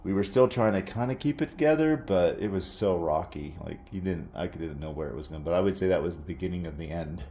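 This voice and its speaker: A man's voice: deep voice, a little fast, hardly any pauses, dark tone, slight background noise. A man earnestly telling his personal story in a casual, reflective way, often trailing off and restarting.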